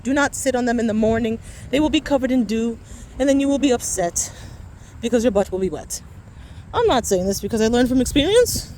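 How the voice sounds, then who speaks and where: A woman vlogger strolls an outdoor park, talking to her viewers in a loose, joking way. She is out of breath, her voice sits in a middle pitch, and the faulty mic picks up faint outdoor ambience and passing cars. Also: darkish tone, a little hiss or hum. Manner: chatty, joking, talks straight to viewers. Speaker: vlogger giving a park tour. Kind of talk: casual walking-tour chat. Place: outdoor city park, walking.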